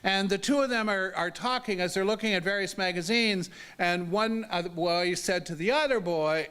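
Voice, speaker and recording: An older man telling a story to an audience in a high, bright voice. He is casual and funny, and keeps tossing in little "okay?" check-ins as he goes. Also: moderate pace, hardly any pauses, clean tone. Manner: conversational, humorous, frequent "okay?" check-ins. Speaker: disability advocate speaker. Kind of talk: storytelling talk.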